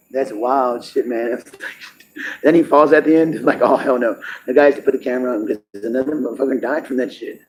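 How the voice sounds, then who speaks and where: A man's voice: mid-range voice, normal speed, slight background noise, poor audio. A man talking in a rambling, profane monologue, laughing often and restarting his sentences.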